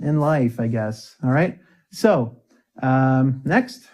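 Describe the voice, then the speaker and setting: Upbeat and encouraging, a man teaches a spoken English class in an ordinary-pitched, somewhat mellow voice. He says each example phrase slowly and clearly, leaving learners room to repeat it.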